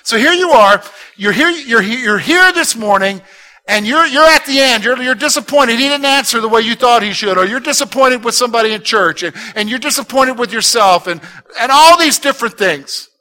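Man, pastor, sermon, high voice, piercing bright tone, repeated short exhortations. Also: moderate pace. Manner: swings between loud urging and hushed, intimate talk.

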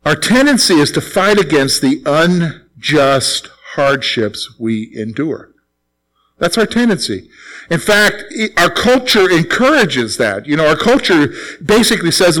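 A man's voice: on the high side, big pitch swings, a little slow, a bit bright, low-quality recording. A middle-aged man preaching a sermon as pastor, talking to his congregation in a conversational way and repeating his points. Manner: conversational preaching with repeated phrases and acted quotes.

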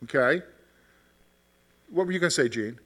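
A man's voice: on the high side, animated, normal speed, heavy background noise. A man leading a Bible study class as its teacher, asking the group questions and often checking in with "okay?". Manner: keeps checking in with "okay?", repeats phrases. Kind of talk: interactive class discussion.

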